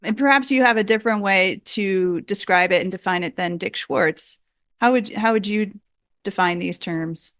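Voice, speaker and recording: A woman's voice: medium pitch, normal speed, a bit bright, dry recording. A woman hosts an interview, framing questions carefully and affirming what her guest shares. Her voice sits in a middle range, and the recording is dry and close. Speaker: podcast host. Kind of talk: interview conversation.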